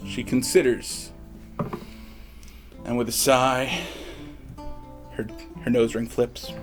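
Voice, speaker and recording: A man's voice: mid-range voice, little pitch movement, slow, soft background music. A man narrating as game master of a tabletop game, laughing often and repeating words as he goes.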